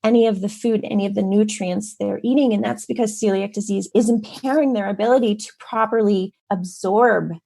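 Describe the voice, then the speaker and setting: A woman talking on a podcast interview, her voice carrying a slightly gravelly, fry-touched texture. She explains things steadily and in detail, at a medium pitch. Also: fairly even intonation, brisk, few pauses, mellow. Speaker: author guest.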